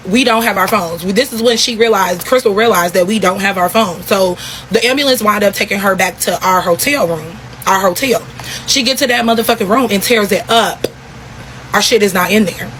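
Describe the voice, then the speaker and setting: A young woman telling a story in a casual vlog, talking in a profane, animated, repetitive way. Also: medium pitch, moderate pace, a little hiss or hum, rough recording.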